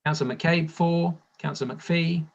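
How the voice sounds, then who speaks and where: A man chairing a council planning committee on a video call, brisk but full of hesitant ums and uhs. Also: on the high side, fairly even intonation, creaky, muffled recording. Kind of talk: chairing an online meeting.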